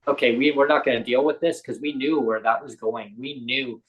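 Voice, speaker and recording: In lo-fi sound, a talk show guest from Canada tells a casual story at a slightly fast clip. His voice is mid-range, and he's animated throughout, performing the quoted voices of others.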